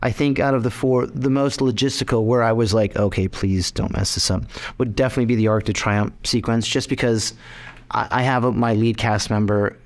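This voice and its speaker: A man, a film director, talking casually in an interview, rambling with restarts and quick laughs. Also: medium pitch, steady tone.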